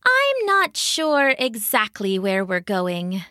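A woman's voice: fairly high pitch, wildly swooping pitch, slow pace, sharp tone, no room sound, clean studio sound, full character voice. A woman voicing a young girl, a druid's daughter, earnest and determined, in a storybook reading.

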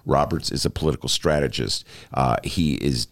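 A man hosting a political talk show, lively and joking as he leads the chat. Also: extremely low pitch, moderate pace, vocal fry. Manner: lively, joking, self-mocking. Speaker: podcast host.

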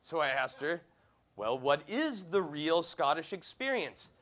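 A man's voice: a little high, sing-song, a little slow, fairly bright tone. A man hosting a comedic podcast, teasing and joking with his guest. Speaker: podcast host.

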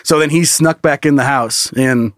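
A man's voice: mid-range voice, no room sound. A man co-hosting a comedy podcast, telling stories in casual, profane chat and laughing often. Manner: loose and profane, laughing often, quick bursts of story. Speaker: podcast co-host.

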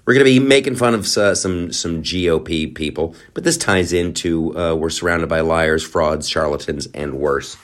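A man's voice: low-pitched, moderate pace, hardly any pauses. A man hosting a comedy podcast, talking in a rambling, profane, sarcastic monologue with lots of fillers. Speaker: podcast host.

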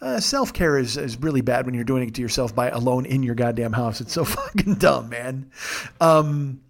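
A man's voice: medium pitch, lively intonation, normal speed, gravelly, slight background noise. A man hosting a comedy podcast, delivering a rambling, profane monologue full of absurd, self-mocking tangents. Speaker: podcast host.

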